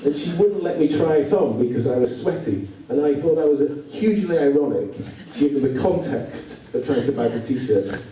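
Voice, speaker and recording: A man giving a humorous talk to an audience, with a dry, wry, deadpan delivery. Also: fairly high pitch, normal speed, few pauses. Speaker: speaker addressing youth workers. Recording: echoey hall, voice from far off.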